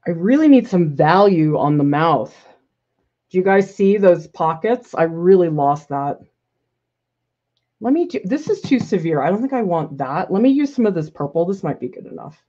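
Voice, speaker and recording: A woman's voice: lowish voice, sing-song, moderate pace, mellow. A woman art professor painting live, thinking aloud casually and critiquing her own work, laughing often as she answers viewer questions. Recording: slightly dull lo-fi sound.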